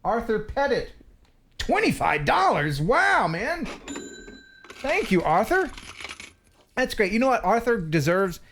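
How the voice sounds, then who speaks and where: Animated American man hosting a live stream. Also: high-pitched, slow, long pauses, slight background noise. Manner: playful, laughs often, reads viewer messages. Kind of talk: casual live-stream chat.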